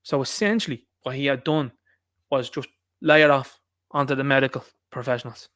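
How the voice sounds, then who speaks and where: A man's voice: mid-range voice, fairly even intonation, fairly quick, fairly bright tone, no room sound, studio quality. A man with an Irish accent hosting a live stream, ranting indignantly through a political monologue full of rhetorical questions.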